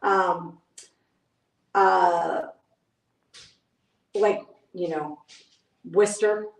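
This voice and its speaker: A woman's voice: fairly high pitch, unhurried, fairly bright tone, roomy sound, far from the mic, low-quality recording. A woman hosting a casual livestream from her home studio, chatting in a rambling way with lots of fillers. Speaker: nail artist livestream host. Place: home studio with dogs around.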